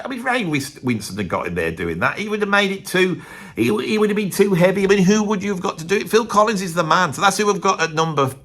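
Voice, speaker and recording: A man's voice: a little high, fairly bright tone. Rambling, opinionated man. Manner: chatty, rambling, emphatic, peppered with "right". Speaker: musician and video host. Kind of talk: opinionated music countdown vlog.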